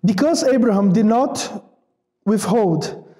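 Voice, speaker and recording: A man with a very high, mellow voice preaches a sermon in an easy, conversational manner. He repeats words for emphasis and asks the congregation rhetorical questions. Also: animated, slow. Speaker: pastor.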